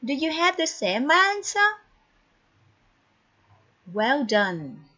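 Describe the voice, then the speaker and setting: A woman teaches an English grammar lesson in a high voice and speaks slowly and deliberately. She is encouraging with her students. The recording is dull and lo-fi, with a faint hiss behind her. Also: big pitch swings, sharp tone.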